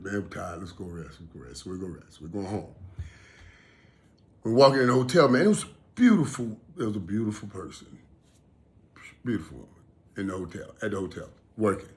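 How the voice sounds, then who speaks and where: A middle-aged man with a somewhat low voice tells a personal story in a casual way. He is emphatic and animated and often repeats phrases for weight. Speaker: vlogger.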